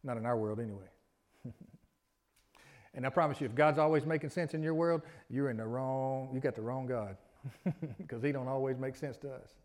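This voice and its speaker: A man's voice: mid-range voice, moderate pace, pauses often, a little mellow. A middle-aged man preaching a sermon in a folksy, conversational way, drawing responses from the congregation. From Alabama, US. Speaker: pastor.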